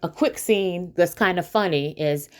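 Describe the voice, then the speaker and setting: Chatty woman with a lowish voice. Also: a little slow, a little mellow. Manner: chatty, many um fillers, asides to viewers. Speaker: TV episode recap host. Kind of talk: casual spoken recap.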